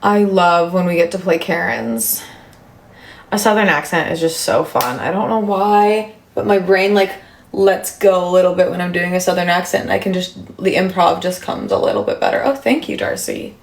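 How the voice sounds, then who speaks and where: A woman's voice: fairly low pitch, normal speed, vocal fry, reverberant. A woman in her thirties hosting a casual livestream, chatting with viewers and answering their comments with lots of fillers. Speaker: livestream host.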